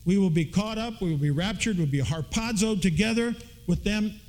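A man's voice: sits high, normal speed, a little mellow, low-quality recording. A man preaching a sermon, earnest and emphatic, mixing folksy storytelling with scripture. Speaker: pastor.

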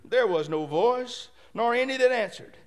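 Male preacher, very high voice, fervent, shouts in bursts, reads scripture. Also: animated, normal speed. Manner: playful asides while retelling the story. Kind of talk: sermon.

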